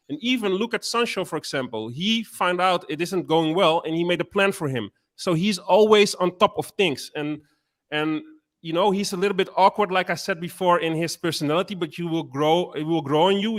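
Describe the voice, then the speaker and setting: A man's voice: on the high side, fairly bright tone. A man, a guest pundit on a casual panel show, explaining earnestly at length. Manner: earnest, explains at length with frequent "you know".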